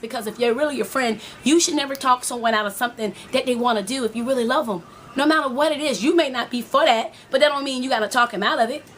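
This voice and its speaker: A woman's voice: a little high, a bit bright, slight background noise. A woman life coach giving a preachy, motivational talk to women, speaking straight to her viewers and repeating her points.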